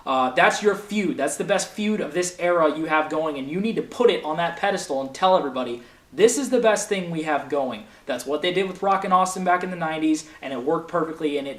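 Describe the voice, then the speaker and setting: A man's voice: a little high, fairly bright tone. Ranting, profane young man in an echoey room. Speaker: wrestling show host. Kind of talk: heated casual commentary. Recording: echoey room, faint noise.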